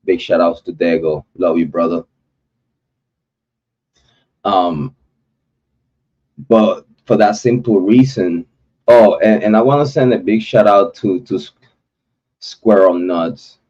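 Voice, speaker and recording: A very low-voiced man drawls through a casual livestream, unhurried and repetitive, full of slang and heartfelt shout-outs. The sound is dull and lo-fi, like home stream audio. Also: slightly rough. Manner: loose, repetitive, heartfelt slang-filled rambling. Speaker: true crime livestream host.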